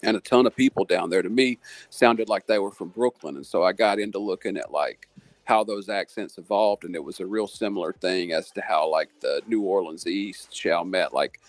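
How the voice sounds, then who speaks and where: A man's voice: low-pitched, normal speed, no room sound. A man who hosts a live panel stream and chats casually, musing at length in a friendly way. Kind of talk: casual chat.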